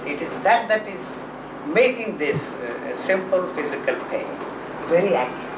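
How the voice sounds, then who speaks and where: A man speaking in blunt, aphoristic statements in an unhurried philosophical conversation. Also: on the high side, expressive. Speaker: interviewee. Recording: echoey room, mic far off, background noise.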